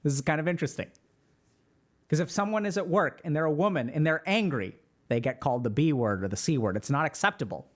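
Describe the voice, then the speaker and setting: A man hosting a stream, reading a viewer's post aloud and explaining his thoughts in a calm, reflective way. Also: on the high side, fast talker. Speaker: host.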